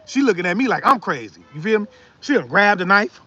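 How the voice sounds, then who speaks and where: A man's voice: high-pitched, fast, breathy edge. A young man telling a story casually to viewers and acting out what the other people said. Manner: animated, acts out other people's lines. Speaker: spiritual storyteller. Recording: dull lo-fi dry sound.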